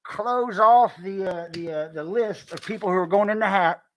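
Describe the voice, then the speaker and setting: High-voiced joking man hosting a stream. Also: normal speed. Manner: loud, joking, profane banter. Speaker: host. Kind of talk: casual live-stream chat.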